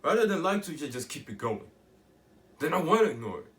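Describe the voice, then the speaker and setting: A man's voice: fairly high pitch, very animated, fairly quick, fairly bright tone, reverberant, recorded from a distance. A teenage boy talking in a rambling, emphatic way, often restarting and asking rhetorical questions. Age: teens. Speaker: vlogger. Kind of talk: casual monologue to camera.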